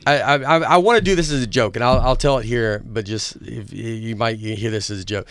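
A man's voice: mid-range voice, fairly bright tone, no room sound. Casual chat: man, rambling storyteller, dry close sound. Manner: rambling storyteller, halting restarts. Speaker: podcast host, comedian.

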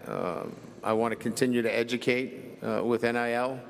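A man's voice: medium pitch, steady tone, normal speed, vocal fry. A man, a football coach, answering questions at a press conference with many fillers and restarts.

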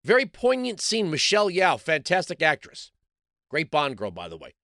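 A man's voice: on the high side, wildly swooping pitch, moderate pace, creaky, bright, forceful tone, dry recording, clean studio sound. A middle-aged man, hosting a talk show and delivering an opinionated monologue full of rhetorical questions. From New York City. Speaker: radio talk show host.

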